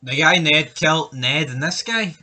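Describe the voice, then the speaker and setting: A man's voice: fairly high pitch, lively intonation, moderate pace, pushed and bright. A man co-hosting a casual chat, opinionated and steering the talk, often stumbling over his first words. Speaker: podcast co-host. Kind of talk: casual chat ranking TV deaths.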